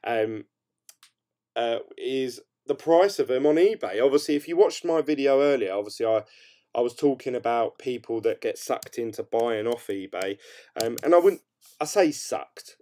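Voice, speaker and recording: A man's voice: medium pitch, animated, normal speed, dark tone. A young man chatting casually on a livestream, rambling and upbeat, with lots of hedges and fillers as he reads out viewer comments. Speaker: crypto mining streamer. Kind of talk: casual late-night livestream chat, reading viewer comments.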